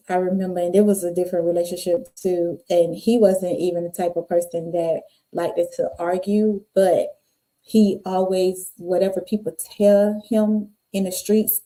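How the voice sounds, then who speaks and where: Dark-voiced woman telling her story. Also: lowish voice. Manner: animated, acts out voices in her stories. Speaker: podcast host and guest. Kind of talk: candid storytelling interview.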